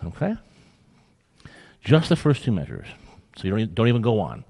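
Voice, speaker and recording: A man's voice: on the low side, huge pitch swings, moderate pace, gravelly, warm tone, husky. A man working as a guest clinician, giving live feedback to a student orchestra in an encouraging, playfully teasing way.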